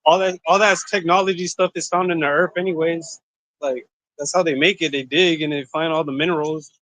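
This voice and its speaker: A man's voice: on the high side, steady tone, fairly bright tone, no echo. A man co-hosting a talk, chiming in casually and agreeing, stumbling over his words. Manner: casual, agreeing, halting with fillers.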